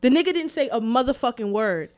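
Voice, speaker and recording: Animated, profane woman telling a story. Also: a little high, fast. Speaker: podcast co-host. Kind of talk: casual storytelling chat.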